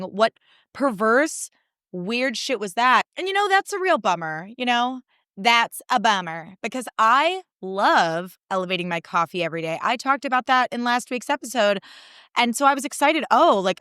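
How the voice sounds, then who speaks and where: Sarcastic young woman with a smooth voice. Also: mid-range voice, dry recording, clean studio sound. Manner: animated, sarcastic, profane ranting. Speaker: podcast host. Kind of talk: casual solo podcast chat.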